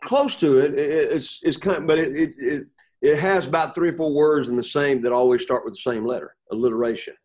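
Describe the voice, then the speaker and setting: A man teaching a Bible class to students, pausing often, repeating words and checking in with "okay?". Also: mid-range voice, a little mellow. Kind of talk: classroom lecture with questions to students.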